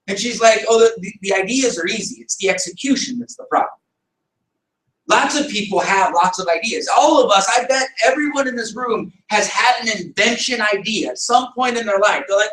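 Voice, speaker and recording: High-voiced man giving an energetic pep talk. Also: a little fast. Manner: energetic, rhetorical questions, acts out little scenes. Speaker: speaker at a group meeting. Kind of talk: motivational talk to a live audience. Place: meeting room. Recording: echoey room, distant mic.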